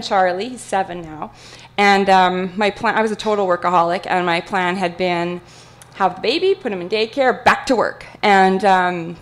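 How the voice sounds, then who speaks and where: A woman giving a talk, telling a personal story in a chatty, animated way with many fillers. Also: medium pitch. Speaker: guest speaker at an art talk.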